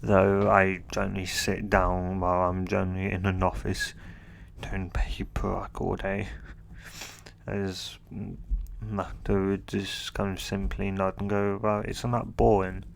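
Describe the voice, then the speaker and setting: A man telling a fan fiction story off the cuff, rambling and halting with restarts and chuckles. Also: low voice, completely flat delivery, gravelly, a little hiss or hum. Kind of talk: improvised storytelling.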